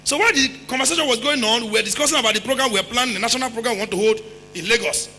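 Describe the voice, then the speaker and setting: A man with a Nigerian accent preaching a sermon as pastor, emphatic, repeating phrases, firing rhetorical questions and at times breaking into shouts. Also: very high-pitched, very fast, slight background noise. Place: church hall. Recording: reverberant church hall with faint music.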